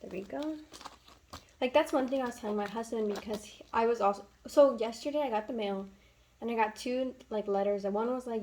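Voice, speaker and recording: A woman's voice: mid-range voice, a little fast, a little mellow, poor audio. A woman in her twenties chatting casually while counting cash for a budgeting vlog. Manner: chatty, counts bills aloud, filler-heavy. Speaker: budgeting vlogger.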